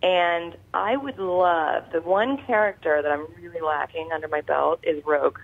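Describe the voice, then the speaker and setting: A woman guest calling in to an interview, candid and quick to laugh. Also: fairly low pitch, vocal fry, narrow, tinny audio. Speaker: guest actress. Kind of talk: casual interview chat. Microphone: phone call-in.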